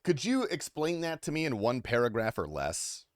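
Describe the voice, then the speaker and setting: A man's voice: mid-range voice, very animated, moderate pace, no echo, clean studio sound. A man streaming a game, chatting casually with his viewers in a crude, offhand way and swearing freely. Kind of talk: casual livestream chat.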